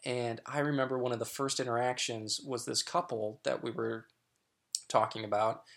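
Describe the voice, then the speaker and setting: A man's voice: mid-range voice, steady tone, normal speed, gravelly, fairly bright tone. Chatty man telling frank stories. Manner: frank, chatty, many fillers and restarts. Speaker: guest. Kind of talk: candid personal storytelling.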